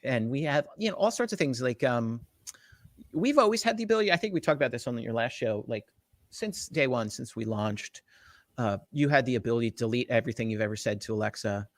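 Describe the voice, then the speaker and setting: A man's voice: mid-range voice, animated, fairly quick, no room sound. A middle-aged man from the Shore, explaining technology as a guest in an enthusiastic, rambling way, with lots of fillers and restarts. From Jersey Shore, US. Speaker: tech evangelist guest. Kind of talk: casual interview explanation.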